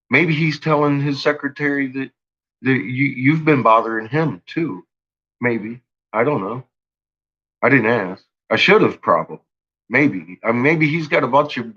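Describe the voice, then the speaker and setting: A man's voice: medium pitch, sharp tone, husky, highs cut off. A man vlogging an angry rant to his viewers. He swears constantly and stumbles through restarts. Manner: agitated, profane, stumbling restarts.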